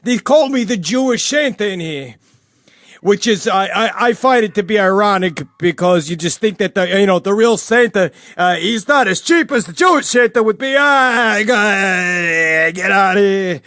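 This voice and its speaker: A rambling jailed older killer, as a man puts him on, nattering about heaven and gossip. His voice sits high for a man and swings into sudden outbursts. The sound is dry and close, with no room in it. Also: lively intonation, normal speed, pushed and bright, dry recording. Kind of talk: comedic character monologue.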